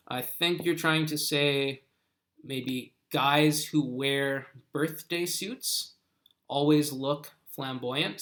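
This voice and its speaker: A man's voice: medium pitch, a bit bright. A man teaching a live online English lesson, patiently correcting the sentences viewers send in.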